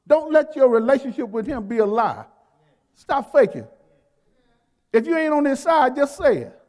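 Male pastor, very high voice, call-and-response sermon with emphatic stresses, long hall reverb. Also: big pitch swings, a little mellow. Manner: call-and-response preaching, urging the congregation to repeat words; emphatic, drawn-out stresses on key phrases. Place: church sanctuary.

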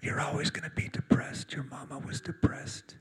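A pastor voicing the devil in a whispered role-play, a sneering male tempter who mocks and belittles in a low husky whisper. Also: normal speed, natural voice. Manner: mocking, belittling taunts.

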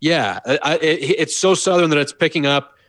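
A man's voice: fairly high pitch, moderate pace, a bit bright, no room sound. Man laughing through a casual podcast. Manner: laughing, amused storytelling. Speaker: podcast host. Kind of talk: casual sports podcast chat.

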